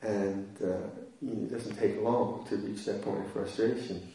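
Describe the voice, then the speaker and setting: Buddhist monk guy telling a funny story in a dharma talk, soft mellow voice, big echo. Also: on the low side, fairly even intonation, unhurried, vocal fry. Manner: humorous, self-deprecating storytelling with frequent laughs. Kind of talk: dharma talk with personal anecdote. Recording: echoey hall, voice from far off.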